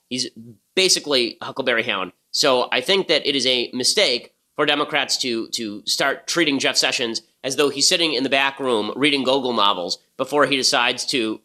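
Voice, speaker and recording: A man's voice: medium pitch, normal speed, bright, forceful tone. A man hosting a political podcast, delivering commentary in a punchy, sarcastic way. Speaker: podcast host.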